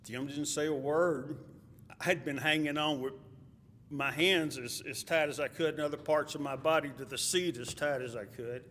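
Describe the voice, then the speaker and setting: A man's voice: on the high side, fairly even intonation, normal speed, a bit bright. A man with a Texas accent telling a chuckling personal story at a memorial. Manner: chuckling, anecdotal. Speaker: eulogy speaker. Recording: hall reverb, faint ambient noise.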